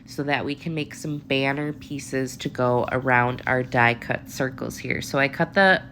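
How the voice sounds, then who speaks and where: A woman's voice: a bass voice, steady tone, unhurried, fairly bright tone, a little hiss or hum. Stuffy-nosed woman hosting a craft tutorial. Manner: chatty, upbeat, talks to viewers directly. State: stuffy nose from allergies. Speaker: papercraft tutorial host.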